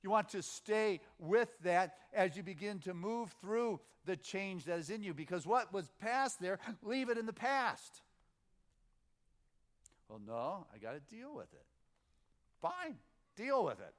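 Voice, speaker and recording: Slightly high-voiced man preaching conversationally. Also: a bit bright. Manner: informal, halting restarts, builds on repeated phrases. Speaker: minister. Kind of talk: conversational sermon. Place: spiritual center sanctuary.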